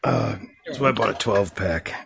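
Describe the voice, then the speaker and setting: A man's voice: lowish voice, wildly swooping pitch, moderate pace, creaky, fairly bright tone, a little hiss or hum. A man hosting a podcast draft in casual joking chat, wisecracking as he hands out the turns. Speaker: podcast host running a draft.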